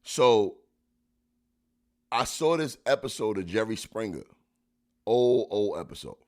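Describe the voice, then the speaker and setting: Animated, joking podcast host. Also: male voice, on the low side, slow. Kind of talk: casual podcast chat.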